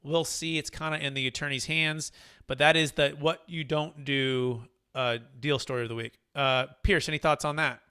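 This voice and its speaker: Bright, animated businessman host. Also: on the high side, normal speed, smooth. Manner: animated storyteller, acts out quotes. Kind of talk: casual business chat.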